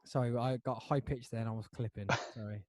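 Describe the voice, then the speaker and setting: A man hosting a podcast, telling a story in a rambling, animated way with lots of restarts. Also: medium pitch, a little fast, no echo, studio quality. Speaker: podcast host. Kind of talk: casual chat.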